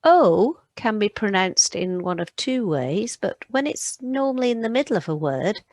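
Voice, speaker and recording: A woman's voice: medium pitch, big pitch swings, moderate pace, a little mellow, dry recording. A woman patiently teaching French phonics to children, modelling each sound aloud. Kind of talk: recorded phonics lesson for children.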